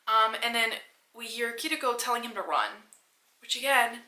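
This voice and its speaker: A young woman casually recapping a movie for her review channel, animated and full of fillers and swearing. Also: fairly high pitch, a little fast, roomy sound, poor audio.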